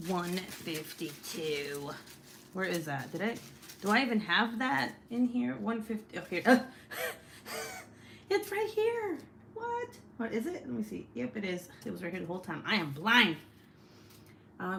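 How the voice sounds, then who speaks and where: A woman's voice: medium pitch, fairly bright tone, a little hiss or hum. A young woman hosting a casual craft livestream, chatting and reading comments aloud in a rambling, swearing way. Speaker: craft channel host.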